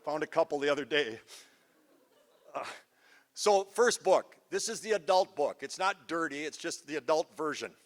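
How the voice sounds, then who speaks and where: A middle-aged man giving a live parenting talk to an audience, joking, goofy and energetic, teasing the crowd. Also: a little high, moderate pace. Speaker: parenting seminar speaker. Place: school event before a live audience.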